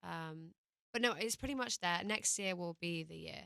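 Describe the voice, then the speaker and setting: A woman's voice: fairly low pitch, normal speed, creaky, sharp tone, clear, resonant tone, no echo. A British woman, a singer, chatting casually as a guest in a radio studio interview, hesitant with lots of ums and little laughs.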